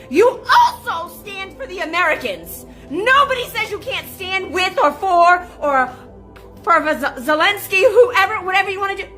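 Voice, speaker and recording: A woman's voice: very high voice, bright, forceful tone. A woman in her thirties delivering a heated, indignant political rant to camera, swearing as she goes. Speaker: political commentator.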